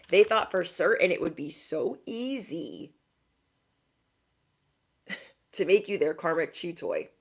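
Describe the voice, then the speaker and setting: Young woman, lowish voice, spiritual reader hyping up her viewers, slangy and emphatic, keeps saying okay?. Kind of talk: direct-to-camera spiritual pep talk.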